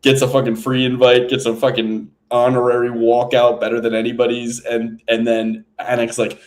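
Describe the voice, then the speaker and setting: A man's voice: mid-range voice, monotone, moderate pace, few pauses. A man co-hosting a casual sports podcast, joking and swearing, often mimicking people. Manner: profane, joking, mimics people in raised voices. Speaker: podcast co-host.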